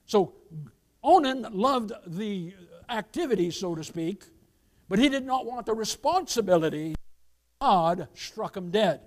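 A man's voice: high-pitched, animated, unhurried. A man pastor preaching an emphatic sermon, quoting scripture, calling the congregation "beloved" and asking for amens. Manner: addresses listeners as "beloved", keeps asking for amens.

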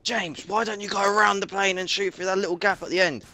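A man's voice: high-pitched, steady tone, fast, pushed and bright. A young man chatting playfully and teasing his friends while gaming online on a headset. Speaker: gamer. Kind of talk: casual chat while gaming.

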